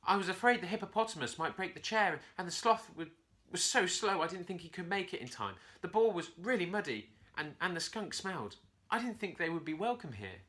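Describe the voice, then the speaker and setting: A man's voice: sits high, animated, a little fast, pushed and bright, voice pushed up. A man voicing a small, eager male monkey messenger who stammers when flustered.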